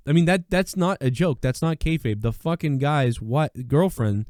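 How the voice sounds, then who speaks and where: A man's voice: fairly high pitch, expressive, normal speed, darkish tone, no echo, studio quality. A man hosting a call-in show, chatting casually with loose, profane storytelling and repeated phrases.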